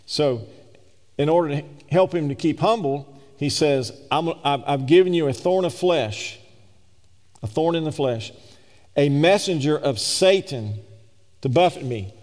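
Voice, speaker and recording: Man preaching in a reverberant hall. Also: darkish tone. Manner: rising to emphatic peaks, then dropping low and slow for scripture. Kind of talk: sermon. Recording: long reverb of a large hall.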